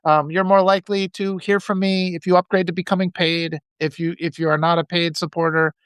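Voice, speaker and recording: A man's voice: high-pitched, flat delivery, fairly quick, a bit bright, clear, resonant tone, no room sound, clean studio sound. A man hosting a political livestream, reading viewer comments and ranting in a profane, riled-up way, with lots of restarts.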